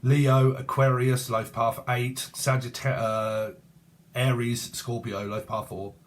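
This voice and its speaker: A man's voice: mid-range voice, little pitch movement, takes it slowly. A man in his forties giving a loose, jokey tarot reading, rambling and laughing often. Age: 40s. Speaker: tarot reader. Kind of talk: casual tarot reading monologue.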